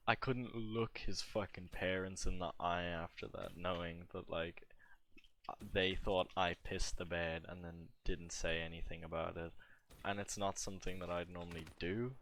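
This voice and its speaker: Young male streamer, low voice, rambling profane storytelling mid-game. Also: fairly bright tone, slight background noise. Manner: profane, rambling and laid-back, with many fillers. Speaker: gaming streamer. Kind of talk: casual storytelling while playing a game.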